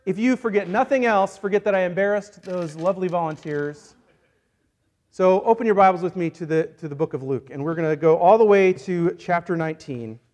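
A man preaching a sermon as a pastor, playful and energetic, joking with volunteers while acting out a Bible story. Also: sits high. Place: church service.

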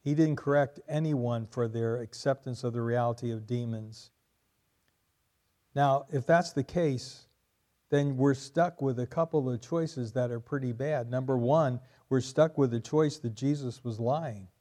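Man preaching a sermon, warm dark voice, drives points home with repetition. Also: mid-range voice, measured pace. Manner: emphatic preaching, repeating key lines for stress. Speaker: pastor.

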